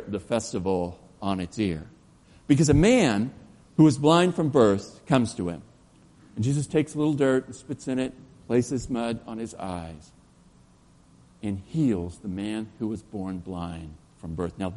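Lively pastor preaching in echoing church. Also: male voice, mid-range voice. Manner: animated storytelling, drops to soft slow emphasis. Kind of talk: sermon. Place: church sanctuary. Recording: long church reverb.

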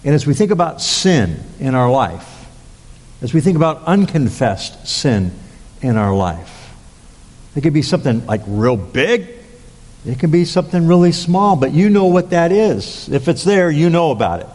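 A man's voice: sing-song, a little mellow. Man preaching in an echoing church. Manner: halting, many fillers and restarts; acts out quoted lines with raised pitch. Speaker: pastor. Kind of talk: sermon. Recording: long hall reverb.

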